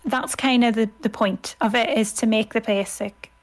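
A woman's voice: fairly high pitch, fairly even intonation, normal speed. Chatty Irish woman, posh phone voice. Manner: toned-down posh telephone voice, chatty with fillers. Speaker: guest scholar. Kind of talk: podcast conversation.

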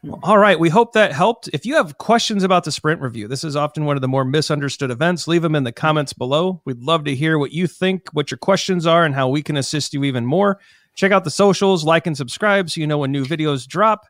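A man co-hosting a casual podcast discussion, his voice a little higher than most. He makes his points with emphasis and rattles off lists of questions in quick succession. The recording is dry and close, with no room echo. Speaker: podcast co-host.

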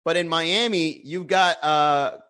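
A man's voice: on the high side, slow, bright, forceful tone, clear, resonant tone. A man chatting casually on a livestream, reading the chat and joking with a lot of profanity. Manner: profane, joking, laughs often.

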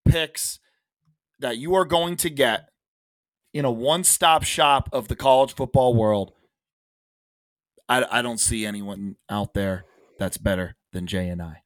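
A medium-pitched man co-hosts a casual sports podcast, talking emphatically, restarting phrases, and tossing in frequent "all right"s. There is no room sound.

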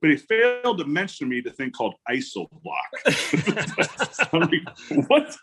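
A man's voice: on the high side, wildly swooping pitch, a little slow, fairly bright tone, husky, faint music behind. A man in his forties, a former football player as interview guest, telling stories animatedly, acting out quotes and laughing often. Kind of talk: casual storytelling interview.

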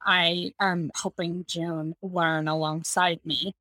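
A woman guest on a podcast who tells a story in an animated way and laughs as she talks. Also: on the low side, takes it slowly, no echo. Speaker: podcast guest, communications manager. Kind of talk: conversational storytelling.

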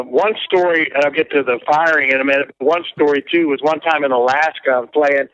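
A man's voice: mid-range voice, fairly bright tone, no echo, lo-fi sound. A man as a guest in an interview, telling long rambling anecdotes and acting out what others said. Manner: rambling anecdotal storyteller, acts out quoted voices. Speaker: guest musician. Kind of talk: casual storytelling interview.

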